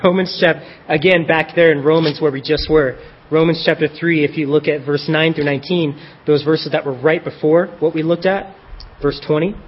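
A man's voice: on the high side, fairly even intonation, normal speed, muffled recording, slight background noise. A man preaching a sermon in a conversational style, with self-deprecating joking asides.

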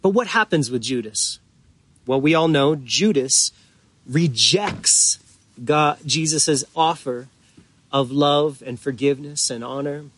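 A man preaching a sermon as pastor, earnest and deliberate, with drawn-out pauses for emphasis. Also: on the high side, fairly bright tone.

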